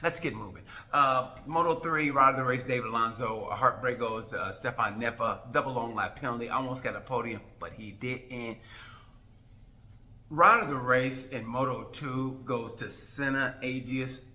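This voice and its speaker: A man with a bright, forceful voice hosts a racing review as a loose comedic rant. He rambles from joke to joke and throws in exasperated asides. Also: mid-range voice, normal speed. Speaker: host of a motorcycle racing review.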